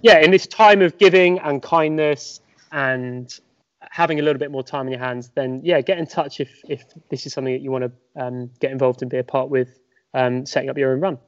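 A man hosting a podcast, who opens the episode and introduces his co-host in a brisk way with some fillers. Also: mid-range voice, steady tone. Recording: dull lo-fi sound.

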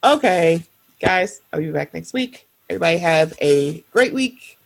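A woman in her thirties hosting a casual podcast, lively and animated, often jumping into high-pitched voices when quoting. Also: normal speed, creaky. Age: 30s. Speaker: podcast host.

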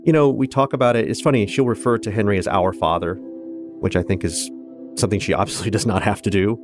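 A man in his fifties from Kansas with a low, deep voice, speaking earnestly and candidly. He reflects on his own life as a guest in a conversation, with faint music underneath. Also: fast. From Kansas, USA. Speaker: interview guest. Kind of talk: personal storytelling in conversation.

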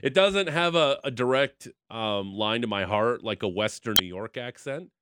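A man's voice: mid-range voice, lively intonation, moderate pace, bright, forceful tone, clear, resonant tone, no room sound. Man, sports radio host, chatty, jokey asides, dry close studio sound. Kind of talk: casual studio banter.

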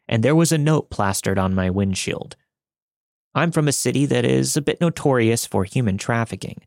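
A man reading listener-submitted true scary stories aloud in a steady, measured, somber storytelling manner. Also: lowish voice, no room sound, clean studio sound. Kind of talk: scripted narration.

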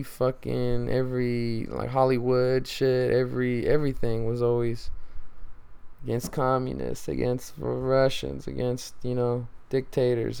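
Gravelly, profane podcast host ranting. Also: male voice, mid-range voice, mellow. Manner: profane, rambling, exasperated. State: tired. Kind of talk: casual solo rant.

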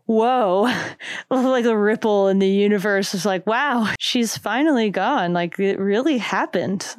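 A young adult woman and musician guest, talking reflectively in a casual interview, with many "like"s and soft laughs. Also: mid-range voice, no echo, clean studio sound.

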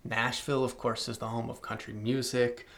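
A young man hosting a podcast, chatting casually about travel spots with lots of fillers, quick asides and self-aware plugs. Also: mid-range voice, little pitch movement, fairly bright tone. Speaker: podcast host.

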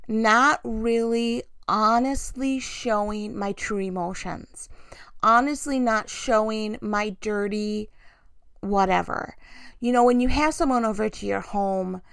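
A young woman speaks openly about her faith, confessional and unguarded. Her voice sits a little high with a gravelly edge. The sound is dry and close, with no room around it. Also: slow, no echo. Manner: candid, confessional, warm storytelling with laughs. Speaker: christian vlogger. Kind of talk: personal devotional talk.

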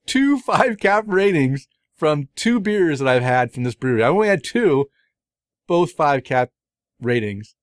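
In a sing-song, unhurried voice on the high side, a middle-aged beer podcast host rambles happily about beers he has sampled, full of fillers and false starts. The clean studio sound has no room tone.

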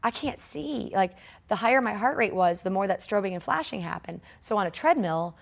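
Woman, forties, storytelling interview guest, animated, acts out quotes, laughs a lot. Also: mid-range voice, brisk, gravelly. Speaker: guest, triathlete.

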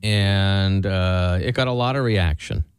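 A man's voice: deep voice, unhurried, smooth, no echo. A man co-hosting a radio show, running a quiz and reading posts with dry humor.

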